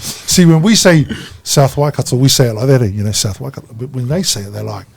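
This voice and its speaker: A man's voice: mid-range voice, expressive, fast talker, vocal fry, slight background noise. A man with a New Zealand accent hosting a podcast, joking and laughing as he chats with his guests. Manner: jokey, laughing, calls guests bro. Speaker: podcast host. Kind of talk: casual chat.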